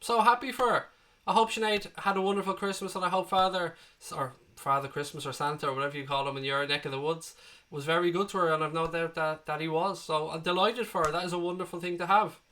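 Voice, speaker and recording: A man's voice: fairly high pitch, quick pace, sharp tone. An Irish man in his thirties hosting a live football watchalong, chatting casually and answering viewers' comments one by one. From Ireland. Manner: chatty, matey, answers chat questions one by one. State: recovering from being sick.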